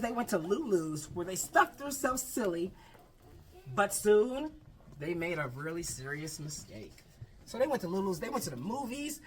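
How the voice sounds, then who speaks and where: A teacher reads a picture book aloud to a group of children with a lively, swooping voice. His tone is bright and forward. He stops to ask them questions as he goes. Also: high-pitched. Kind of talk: animated read-aloud storytime.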